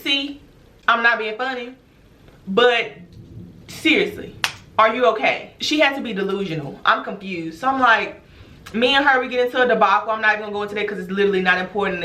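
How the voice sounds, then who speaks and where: A woman, a former teacher, telling a storytime vlog in an animated, emphatic way, speaking straight to her viewers. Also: medium pitch, echoey room. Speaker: teacher and vlogger.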